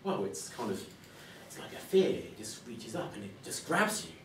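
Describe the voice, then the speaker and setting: A timid, lonely mother speaks in hushed, faltering words, as a man storyteller takes her part. The room echoes around her. The mic is set well back. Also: mid-range voice, big pitch swings, moderate pace, far from the mic, slight background noise, natural voice. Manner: hushed and hesitant.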